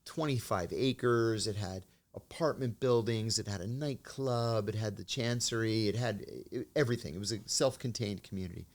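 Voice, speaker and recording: A man's voice: on the low side, normal speed, hardly any pauses. A man, a guest in an interview, speaking casually and telling anecdotes, sometimes acting out the lines of the people in his story. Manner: anecdotal, acts out quoted dialogue. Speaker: interview guest, former intelligence officer.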